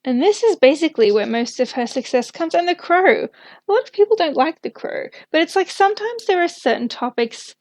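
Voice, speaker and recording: A woman's voice: very high-pitched, lively intonation, a little fast, darkish tone, no room sound. A young woman giving a casual tarot reading, thinking aloud with lots of fillers and small laughs. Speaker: tarot reader.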